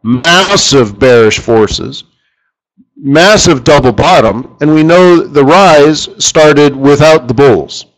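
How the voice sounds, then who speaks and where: A slightly high-voiced man leads a live trading seminar for a room of listeners. He jokes easily and keeps throwing rhetorical questions at the crowd in an animated, conversational way. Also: slow pace, poor audio. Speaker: forex market strategist hosting a session.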